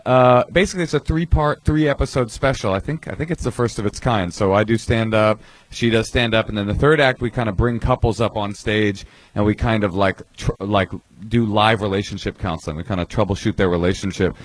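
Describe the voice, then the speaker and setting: A man's voice: lowish voice, no echo. A male stand-up comedian guest, bantering and roasting on a live show. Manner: joking, quick to roast. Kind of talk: casual banter on stage.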